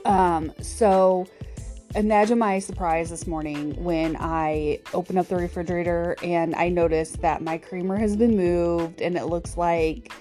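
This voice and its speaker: Woman, podcast host, casual solo chat, low-ish voice, faint music underneath. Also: steady tone, measured pace, dark tone. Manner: chatty, lots of fillers and laughs.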